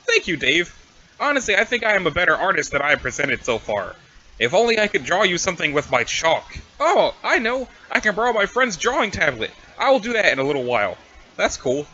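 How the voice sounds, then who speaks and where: A man's voice: high voice, big pitch swings, brisk, bright, forceful tone, muffled recording, exaggerated voice. A man voicing a smug, playful teenage alien troll girl in a webcomic reading, with a teasing, sing-song manner. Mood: eager. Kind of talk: reading a webcomic aloud with voices.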